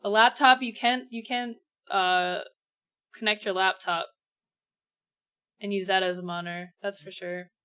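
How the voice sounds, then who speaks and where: A woman's voice: mid-range voice, steady tone, a little slow, pauses often, sharp tone, clear, resonant tone. A woman in a casual panel chat, emphatic and full of fillers. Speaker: streamer panelist.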